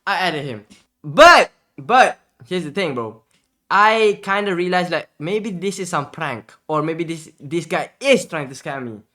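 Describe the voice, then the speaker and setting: High, bright-voiced male streamer telling a story. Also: unhurried. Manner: animated, exasperated retelling with slangy asides. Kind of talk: storytime vlog.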